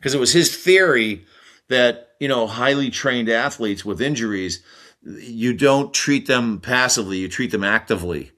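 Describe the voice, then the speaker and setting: A man's voice: medium pitch, moderate pace. A man in his sixties from the United States, a guest on a podcast, telling a long story and acting out the people in it. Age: 60s. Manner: animated, acts out the people in his stories. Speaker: guest, former Olympic hockey player.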